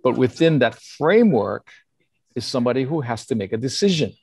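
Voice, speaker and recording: A man's voice: medium pitch, brisk, gravelly, husky, no echo, clean studio sound. An older man, a pastor giving earnest counsel in casual conversation and acting out quotes as he tells stories. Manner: earnest, animated storytelling with acted quotes and chuckles.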